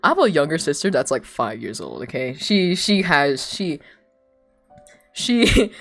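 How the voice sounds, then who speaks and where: Young woman on a live stream, slightly low voice with lively ups and downs, rambling casual storyteller, faint music underneath. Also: unhurried. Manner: rambling storytelling with frequent laughter and filler words.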